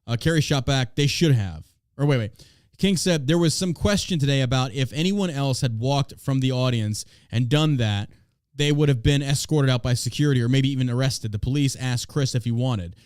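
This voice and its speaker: A man's voice: mid-range voice, normal speed, a little mellow, clean tone, dry recording, studio quality. A man hosting a podcast, reading news aloud and ranting about it in a blunt, profane, way. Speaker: podcast host. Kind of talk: casual podcast commentary.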